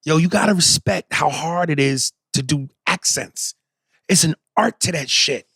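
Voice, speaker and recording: A man co-hosting a podcast in casual chat, animated, swinging from loud outbursts to low mutters. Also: moderate pace, breathy edge, no echo, clean studio sound. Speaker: podcast co-host.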